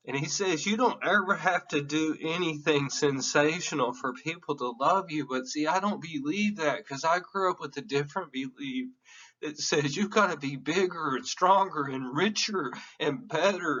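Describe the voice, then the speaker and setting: A man's voice: on the high side, bright, forceful tone, distant mic, lo-fi sound. A man giving an emotional, earnest classroom lecture, candid and sometimes swearing. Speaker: teacher.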